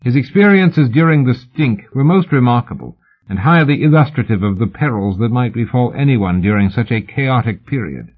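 A smooth, courteous Victorian gentleman journalist, as a man reads him, mild and ingratiating in every phrase. The voice sits a bit lifted and husky, and the sound is thin and narrow like a phone line. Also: mid-range voice, expressive, normal speed, voice pushed up, lightly acted. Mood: polite.

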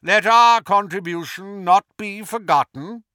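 A man voicing a pompous old male wizard portrait with a high, reedy voice, proclaiming self-importantly in an audiobook. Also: measured pace, sharp tone, dry recording, clean studio sound. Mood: proud. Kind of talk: audiobook character voice.

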